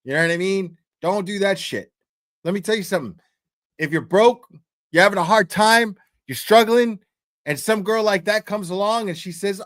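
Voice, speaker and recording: A man's voice: high voice, expressive, moderate pace, fairly bright tone, no echo, studio quality. Crude, emphatic man ranting. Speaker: commentary host. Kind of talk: profane rant commentary.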